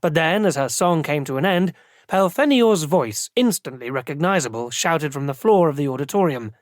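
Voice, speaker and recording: An audiobook narrator telling the story as a thoughtful male prelate, in measured, expressive narration. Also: on the high side, dry recording, lightly acted. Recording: dry close studio sound.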